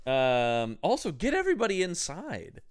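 Animated podcast host, quick to laugh. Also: male voice, fairly high pitch, clear, resonant tone. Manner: animated, laughs often, quotes movie lines in mock voices. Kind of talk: casual movie-review chat.

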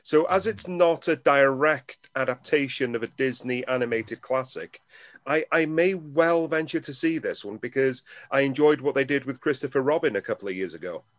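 A man's voice: medium pitch, normal speed, no room sound. A man chatting as a film panelist on a radio show, in a wry, chatty way. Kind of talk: casual panel chat.

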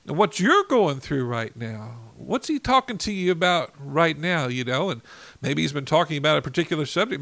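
Gravelly-voiced man preaching with fired-up enthusiasm. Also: on the high side, fairly bright tone. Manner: enthusiastic, fired-up, peppered with "you know". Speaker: minister. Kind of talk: informal devotional preaching.

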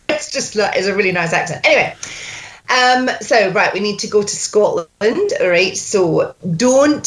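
A woman coaching an actor on an accent, patiently drilling sounds over and over. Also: medium pitch. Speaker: dialect coach.

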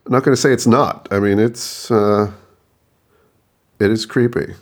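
A man's voice: on the low side, steady tone, a little slow. A man co-hosting a podcast in casual chat, curious and asking questions, laughing easily. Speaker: podcast co-host.

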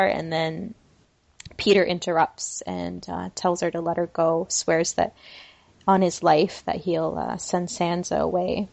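A woman hosting a casual podcast chat, breezy and quick to laugh, running the segments. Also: lowish voice, creaky, a little mellow, dry recording. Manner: breezy, laughing, runs the show. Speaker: podcast host.

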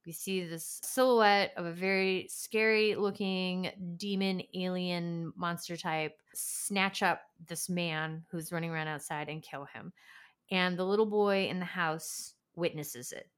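A woman co-hosting a casual movie podcast, animated and playful as she recaps a film. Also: on the low side, unhurried, clear, resonant tone. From not from the US. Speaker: podcast co-host. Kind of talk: casual movie review chat.

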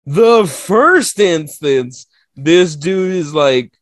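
A man co-hosting a podcast in casual chat, swearing freely and telling stories with lively energy. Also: medium pitch, measured pace, no room sound, studio quality. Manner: profane, animated storytelling with mock voices. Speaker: podcast co-host.

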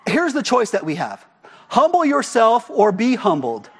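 A man preaching a sermon as a pastor, talking to the congregation in a lively, conversational way with frequent rhetorical questions. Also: extremely high pitch, measured pace, husky.

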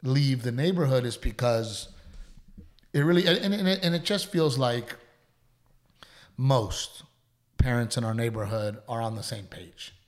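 A man, co-hosting a podcast in casual chat, telling earnest stories and going hushed at heartfelt moments. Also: medium pitch, unhurried, long pauses. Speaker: podcast co-host.

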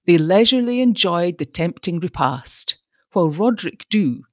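A woman's voice: lowish voice, animated, normal speed, dry recording, studio quality. A woman narrating an audiobook, reading expressively.

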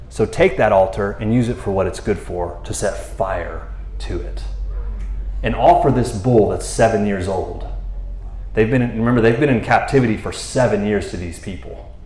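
A man preaching in a casual, animated way, acting out the characters in the passage and laughing as he talks. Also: reverberant. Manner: animated, acts out characters with jumps in pitch, laughs often. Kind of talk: casual sermon.

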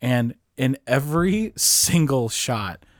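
A man's voice: medium pitch, lively intonation, takes it slowly, no echo, clean studio sound. A man co-hosting a podcast, telling rambling stories in casual chat with lots of fillers and laughing asides. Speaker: podcast co-host.

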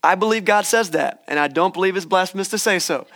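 A man's voice: high-pitched, fast, a bit bright. A young man preaching a sermon in church, conversational and encouraging, with playful asides. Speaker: pastor. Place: church hall.

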